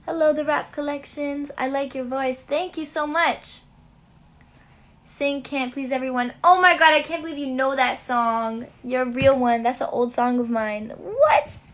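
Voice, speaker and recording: A woman's voice: high-pitched, unhurried. A young woman hosting a casual livestream, chatting to viewers, reading out their comments and answering them. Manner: chatty and relaxed between songs, singing to ukulele. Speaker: livestream host and singer. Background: her own ukulele playing.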